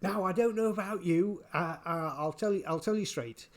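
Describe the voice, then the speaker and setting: A man giving casual spoken commentary, halting and repeating his words, chuckling often. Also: sits high. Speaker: vlogger.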